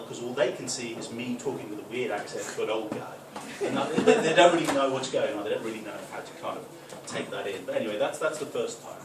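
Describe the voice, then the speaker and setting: A young man from the North East of England with a softened Geordie accent, doing a chatty stand-up routine. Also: mid-range voice. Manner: chatty, with tag questions; loud put-on voices for punchlines. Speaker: stand-up comic. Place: club function room. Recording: echoey room, distant, noisy.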